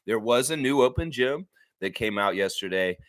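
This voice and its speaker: A man hosting a casual fan livestream, with an excitable, hyped-up delivery that now and then bursts into loud cheers. His voice sits at an ordinary middle pitch, and the sound is dry and close, with no room echo. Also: moderate pace. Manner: excitable, shouts hype bursts, chewing while talking. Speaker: livestream host.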